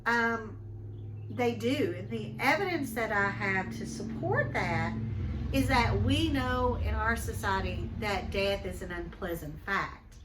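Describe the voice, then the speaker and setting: A woman's voice: mid-range voice, lively intonation, takes it slowly, reverberant, noisy background. A woman teacher, recording a lesson at home, talking thoughtfully with many ums. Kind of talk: recorded class lesson, reading and discussion.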